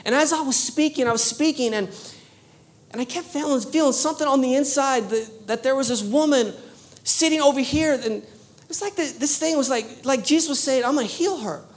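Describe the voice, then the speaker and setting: A woman preaching a sermon, telling a story with lively animation, often repeating words and restarting. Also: high-pitched, brisk. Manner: animated storytelling, laughing at herself.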